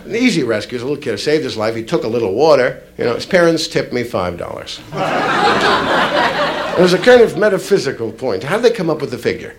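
A man doing a stand-up comedy routine, telling stories in a lively way and breaking into sudden shouted impressions. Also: medium pitch, quick pace, crowd noise. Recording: noisy live club with audience laughter. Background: audience laughter.

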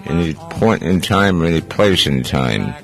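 A deep-voiced man hosting a call-in radio show. He rambles in a loose, joking way as he chats with callers. Soft music sits faintly behind him. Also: animated, moderate pace, vocal fry. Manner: rambling, jokey, chatty. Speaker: radio talk show host. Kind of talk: casual call-in radio chat.

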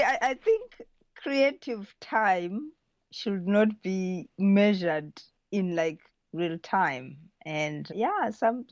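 A woman's voice: mid-range voice, no room sound. A woman author answering questions thoughtfully, often restarting her sentences.

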